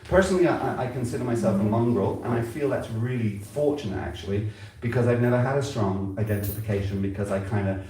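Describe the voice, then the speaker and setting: An older man from England giving an informal sermon at a temple, talking conversationally and halting often, repeating words and using fillers. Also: mid-range voice, warm tone. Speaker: spiritual speaker at a temple gathering. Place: temple hall. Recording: very echoey hall, heard from a distance.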